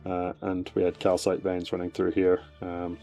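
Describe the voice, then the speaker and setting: A man's voice: low-pitched, monotone, normal speed, dark tone, soft background music. A man casually explaining fossil preparation on a live stream from his shed, rambling with many fillers, his voice fading as he moves away from the desk mic. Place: home shed workshop. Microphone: desk mic, voice fades as he moves away.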